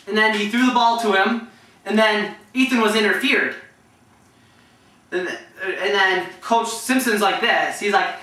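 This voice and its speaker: A man telling casual anecdotes in an animated way, acting out what people said, with restarts. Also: high voice, normal speed. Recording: echoey room, distant from mic.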